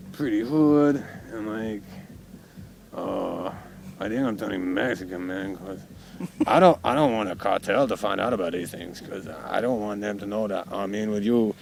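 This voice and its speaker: A young man with a low, gravelly voice drawls through a crude, rambling comedy rant, tagging his lines with "mate" and "eh". He talks slowly and loosely, recorded outdoors at a festival with loud noise all around. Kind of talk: improvised in-character comedy rant.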